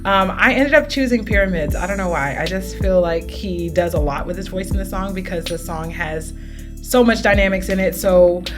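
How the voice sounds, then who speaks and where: A woman's voice: on the low side, moderate pace, over music. A woman teaching an R&B singing lesson with demonstrations, upbeat and encouraging, often checking in with her students. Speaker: vocal coach.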